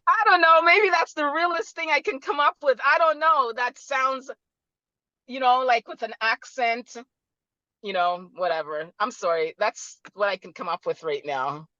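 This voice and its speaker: A woman's voice: sits high, a little slow, pushed and bright, dry recording, lo-fi sound. A middle-aged woman from Jamaica with a Canadian accent, chatting casually on a video call and rambling with lots of fillers. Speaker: guest speaker.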